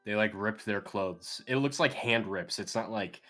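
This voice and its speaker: A man running a tabletop game as game master, laid-back with frequent laughs and halting restarts. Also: fairly low pitch, a bit bright, soft background music. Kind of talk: narrating a tabletop game over voice chat.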